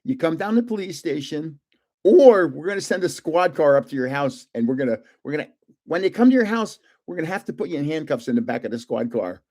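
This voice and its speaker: A man's voice: a little high, animated, fast, a little mellow. An older man quoting a friendly small-town male police chief in a matter-of-fact, teasing way, in his own voice.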